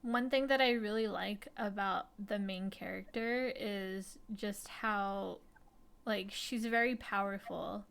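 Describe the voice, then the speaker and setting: A woman's voice: medium pitch, fairly even intonation, takes it slowly, gravelly, a bit bright, clear, resonant tone. A woman co-hosting a live film discussion stream, chatting casually with lots of fillers and little hedges.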